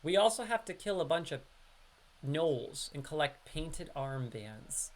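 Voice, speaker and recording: A man's voice: fairly high pitch, big pitch swings, unhurried, slight background noise. A man with a New York accent giving live gameplay commentary, chatting straight to his viewers. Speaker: streamer.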